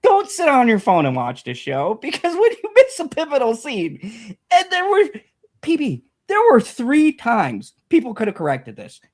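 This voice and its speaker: Ranting, profanity-laced high-voiced woman. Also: huge pitch swings, normal speed, a little mellow. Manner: furious, sweary, mocking sing-song impressions of critics; stammers and restarts when heated. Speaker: host of a TV commentary channel. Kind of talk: profane comedic rant.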